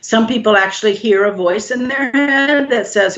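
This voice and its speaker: A woman guest explaining emotional healing in a calm, measured, gently instructive way. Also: fairly high pitch. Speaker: guest expert on healing shame. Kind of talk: explanatory interview answers. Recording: dull lo-fi audio.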